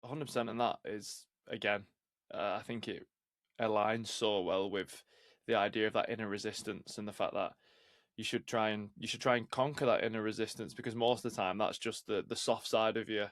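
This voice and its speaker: Low, flat-voiced reflective male host. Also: brisk, no echo, clean studio sound. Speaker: podcast host. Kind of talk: conversational interview.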